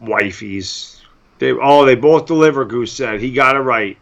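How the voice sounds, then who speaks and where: A man's voice: medium pitch, unhurried, gravelly, a bit bright. A man co-hosting a casual live sports talk stream, teasing his partner with wisecracks.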